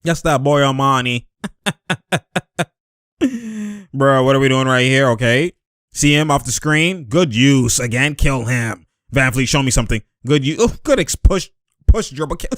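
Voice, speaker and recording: A young man giving excited, animated commentary over basketball highlights, laughing often and shouting at the plays. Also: dry recording, studio quality.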